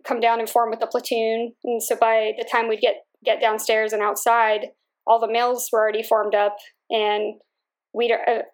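A young woman with a fairly high voice speaks evenly and measuredly, with little rise and fall. She is a Marine officer answering interview questions, reflective and steady, with casual fillers.

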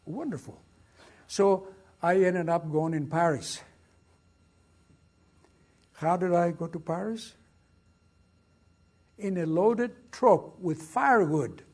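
An older man with a Greek accent giving a storytelling lecture about his wartime experiences, lively and dramatic. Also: high-pitched, slow pace, pauses often, breathy edge. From Greece. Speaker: guest speaker.

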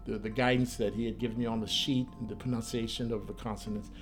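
A man's voice: on the low side, quick pace, faint music behind. An American man, a former Army soldier and Korean linguist, recounting his past in an interview, acting out quoted dialogue as he goes. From United States. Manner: lively recounting, acts out quoted dialogue, repeats and restarts. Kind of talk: interview storytelling.

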